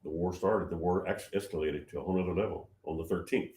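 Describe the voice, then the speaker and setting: Man, lowish voice, rambling, repeats himself, emphatic, casual livestream talk, echoey room. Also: fairly even intonation, quick pace, a little mellow. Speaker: host of a prophetic livestream.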